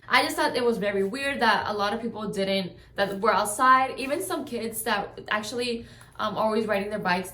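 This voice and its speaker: A woman's voice: mid-range voice, pushed and bright. A woman vlogger telling a rambling story at home in a casual, chatty way, often checking in with her listeners. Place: at home in a trailer. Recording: roomy echo.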